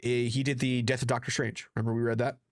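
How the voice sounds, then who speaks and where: Halting, sick man co-hosting a podcast. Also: mid-range voice, little pitch movement, no echo, clean studio sound. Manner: halting, many fillers, teasing. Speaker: podcast co-host. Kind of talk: casual chat.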